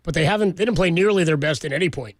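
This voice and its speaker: An excited man co-hosting sports talk radio, rattling through his stories at a rapid clip. His voice sits a little high. The studio sound is close and dry. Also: dry recording.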